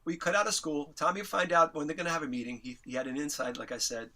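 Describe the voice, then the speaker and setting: This middle-aged New York guest recounts a story with energy, performing quotes through big pitch jumps and swearing casually. His tone stays steady, and he's a fast talker whose voice sounds pushed and bright.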